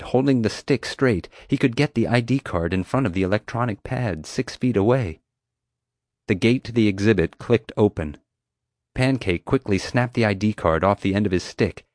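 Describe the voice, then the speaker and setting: A man narrating an audiobook in a steady, clear storytelling manner on a close mic. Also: lowish voice, no echo.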